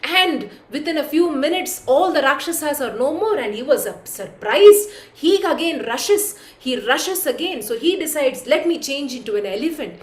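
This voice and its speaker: Woman storyteller, animated, high voice, roomy echo. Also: unhurried, hardly any pauses. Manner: animated, addresses listeners directly. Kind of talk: devotional storytelling.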